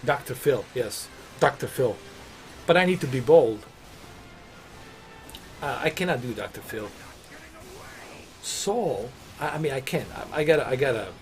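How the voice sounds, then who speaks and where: A middle-aged man streaming games, chatting casually and rambling, with lots of "dude" and "man". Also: mid-range voice. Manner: rambling, laid-back, says dude and man a lot. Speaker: gaming streamer. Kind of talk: casual game-stream chat.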